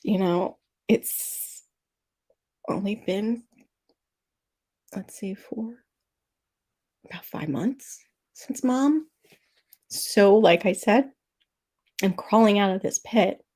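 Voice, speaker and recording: A woman's voice: mid-range voice, animated, slow pace, long pauses, a little mellow. A middle-aged woman hosting a casual livestream, telling a personal story while teary and sniffling. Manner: emotional, tearful storytelling, sniffling. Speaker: livestream host. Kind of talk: casual livestream chat with viewers.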